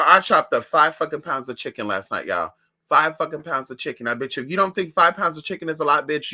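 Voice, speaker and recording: A man talking in a sassy, profane, animated way in a casual gossip monologue at home. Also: on the high side. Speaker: vlogger.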